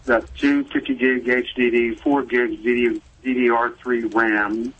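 Husky man calling in. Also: mid-range voice, level tone. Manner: halting, with many fillers and restarts. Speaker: caller. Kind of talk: call-in question on a radio show. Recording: muffled phone line.

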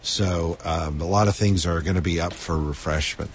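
A man's voice: low-pitched, steady tone, moderate pace, slight background noise. A man co-hosting a radio tech show, giving listeners offhand buying advice.

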